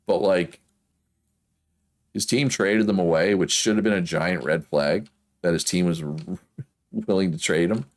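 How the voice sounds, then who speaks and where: A gaming streamer from Prince Edward Island, with a strong Canadian East Coast accent, chats casually and rambles while playing, laughing often. His voice sits low, and he speaks unhurriedly with long pauses.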